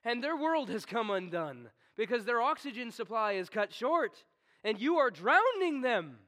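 High-voiced man preaching a dynamic sermon. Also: sing-song, measured pace. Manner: dynamic preaching, dropping to hushed tones then rising to stern commands. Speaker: pastor.

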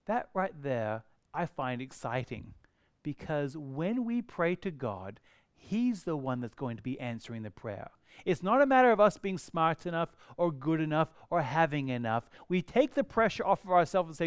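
A man preaching a sermon as pastor, earnest, rising to emphatic bursts and dropping low and quiet. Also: sing-song, moderate pace, clear, resonant tone, dry recording, studio quality.

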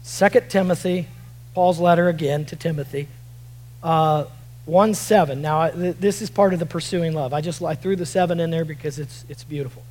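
High-voiced man preaching with force. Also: fairly even intonation, moderate pace, poor audio. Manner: emphatic preaching, voice rising to shouts then dropping low; repeats words and restarts while reading scripture. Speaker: pastor. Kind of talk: sermon.

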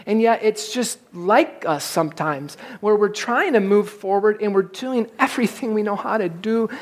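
Animated, self-mocking preacher man. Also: sits high. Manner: animated, self-mocking storyteller who acts out his frustration. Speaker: pastor. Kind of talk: sermon with a personal story.

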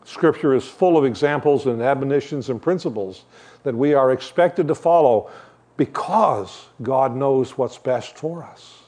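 A man's voice: medium pitch, measured pace, darkish tone. Older man preaching, conversational and joking. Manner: demonstrating with shepherd props. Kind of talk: sermon.

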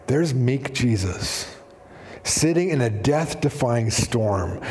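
A man preaching a sermon in a casual, animated way, often acting out quotes. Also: a little high. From Canada. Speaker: pastor. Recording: reverberant hall.

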